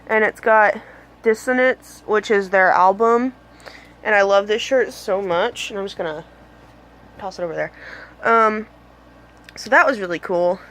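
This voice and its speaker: A woman's voice: mid-range voice, unhurried, pauses often, fairly bright tone. A young woman telling a casual story in a vlog filmed on her phone, bubbly and rambling, with lots of fillers. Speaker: vlogger. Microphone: phone camera.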